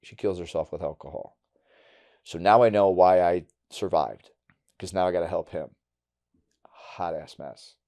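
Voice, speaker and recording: Middle-aged man, deep low voice, mellow, candid and blunt, podcast guest storytelling. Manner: candid and blunt, with casual swearing; halting and emotional on hard memories, dropping quiet. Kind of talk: personal storytelling in a podcast interview.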